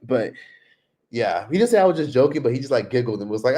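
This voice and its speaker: A man's voice: big pitch swings, quick pace, warm tone. Chatty man livestreaming from his laptop. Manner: chatty, frequent "like", mimics others in high voices. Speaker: livestream vlogger. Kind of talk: casual livestream chat.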